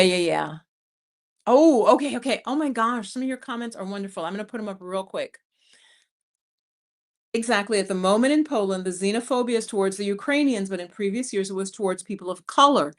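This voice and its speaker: A woman, hosting a casual livestream, chatting and laughing as she reads viewer comments. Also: medium pitch. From New York City. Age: 50s. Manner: chatty, animated storyteller who laughs often. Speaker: vlogger and livestream host. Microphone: streaming mic.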